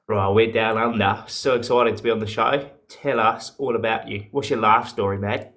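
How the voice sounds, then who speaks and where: A man's voice: on the low side, steady tone, normal speed, a bit bright. A man calling into a show, putting on a fake Australian accent as a teasing, cheeky bloke. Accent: put-on Australian. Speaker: caller.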